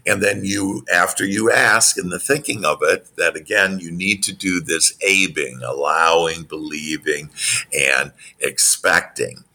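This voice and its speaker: A man working as a business coach, giving motivational answers in an interview with spiritual self-help phrasing and animated delivery. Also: unhurried. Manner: animated, acts out quoted dialogue in a higher voice.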